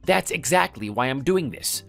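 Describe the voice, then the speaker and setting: A text-to-speech voice voicing a whiny, lazy young husband who blusters and then pleads in a text-message story. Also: male voice, mid-range voice, expressive, moderate pace, gravelly, fairly bright tone, faint music behind. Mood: pleading. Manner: whining, blustering.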